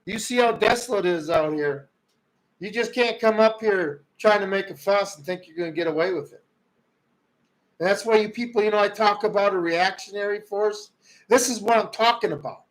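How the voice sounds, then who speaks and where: A man hosting a livestream, ranting about politics in a heated way, swinging from loud outbursts to low muttering. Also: fairly quick, low-quality recording. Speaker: livestream host. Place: rural home.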